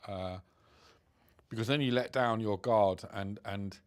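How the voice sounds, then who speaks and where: A man recounting his time as a hostage in a halting, subdued way, full of restarts. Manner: halting, many restarts, subdued and low-key. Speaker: interviewee recounting being held hostage. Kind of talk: reflective personal storytelling.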